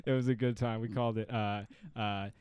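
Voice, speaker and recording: A man's voice: on the low side, dull audio, noisy background. A young man co-hosting a podcast in casual, irreverent banter through a close microphone. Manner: quick banter, irreverent, lively delivery. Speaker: podcast co-host. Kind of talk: casual joking chat.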